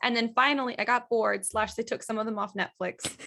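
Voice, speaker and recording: Chatty Southern woman with a high voice. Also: a little fast, creaky. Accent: Southern American. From American South. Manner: chatty, animated storyteller who laughs often. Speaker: podcast co-host. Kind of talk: casual chat.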